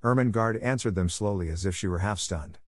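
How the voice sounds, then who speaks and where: A man narrating a classic story aloud in a steady, measured reading voice, recorded close. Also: low voice. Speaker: audiobook reader.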